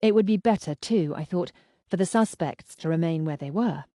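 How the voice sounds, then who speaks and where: A woman narrating a first-person mystery novel in an even, expressive storytelling manner. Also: lowish voice, moderate pace, dry recording, studio quality. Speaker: audiobook narrator.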